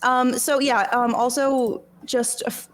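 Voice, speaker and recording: A woman's voice: high-pitched, level tone, measured pace. A woman making casual announcements on a charity game stream, chatty and hesitant with many ums.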